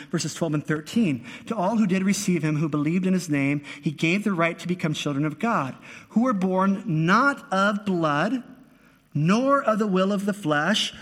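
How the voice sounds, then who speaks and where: A man's voice: fairly high pitch, a bit bright. A man preaching an earnest, emphatic sermon as a pastor. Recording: long hall reverb.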